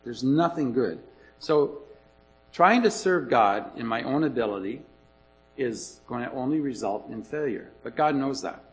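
A man's voice: mid-range voice, expressive, measured pace, low-quality recording. A man preaching a sermon in an earnest, emphatic way, repeating his key points.

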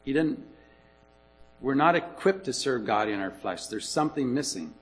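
A man's voice: medium pitch, animated, normal speed, rough recording. Earnest preaching man, emphatic. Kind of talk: sermon.

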